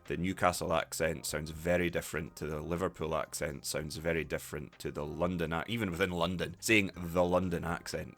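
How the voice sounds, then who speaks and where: A man's voice: deep voice, fairly bright tone. A man with a Scottish accent hosting an English-learning podcast, explaining in a thoughtful way and often repeating words as he finds the phrasing. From Scotland. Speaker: English teacher podcast host.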